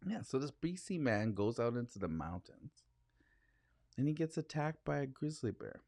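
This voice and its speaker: Lively-voiced man co-hosting a podcast. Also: medium pitch, moderate pace, creaky, no echo, clean studio sound. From Canada. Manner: expressive, playful banter. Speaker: podcast co-host. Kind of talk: casual chat.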